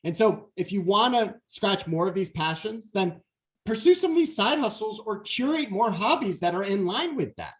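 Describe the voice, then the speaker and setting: Animated man giving a keynote. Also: high voice, moderate pace. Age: 40s. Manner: animated storyteller, acts out quotes. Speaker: keynote speaker. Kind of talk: motivational keynote talk.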